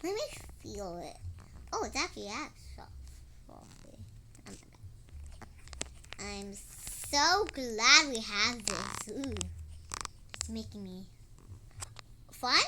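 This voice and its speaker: Slow, bouncy high-voiced young girl. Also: sing-song, noisy background. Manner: dramatic, giggly, easily startled. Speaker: game player narrating. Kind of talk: casual role-play commentary.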